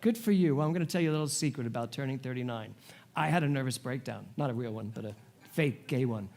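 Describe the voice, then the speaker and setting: A man in his forties, a spiritual director, giving a sermon to a congregation with animated, humorous storytelling. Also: mid-range voice, fast talker, creaky. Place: church service before a congregation.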